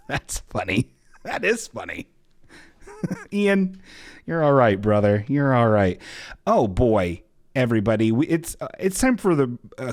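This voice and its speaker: A man hosts a livestream podcast, chatting casually in a rambling, jokey manner with sarcastic asides. His voice is mid-range, and the sound is clean studio quality with no room sound. Looping background music plays underneath as a music bed.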